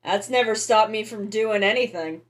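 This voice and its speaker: A woman streamer chatting casually while giving tarot readings, joking about herself and swearing freely, speaking softly and close to the mic. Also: mid-range voice, moderate pace. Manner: soft, quiet near-ASMR voice close to the mic. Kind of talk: casual live-stream chat. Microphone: close microphone.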